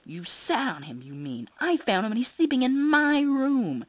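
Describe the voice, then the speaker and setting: A young man reading aloud, voicing two young brothers who bicker and yell in shrill, whiny voices. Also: wildly swooping pitch, a little slow, dry recording, heavily acted. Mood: squabbling. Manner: shrill, yelling back and forth.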